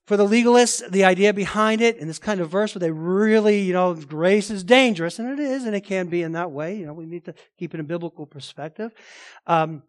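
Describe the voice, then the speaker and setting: A man with a high voice preaches a sermon to his congregation. He talks to them directly, tossing out rhetorical questions. He swings from quiet explanation to loud, stressed peaks. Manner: animated preaching with sudden loud emphatic rises. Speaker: pastor.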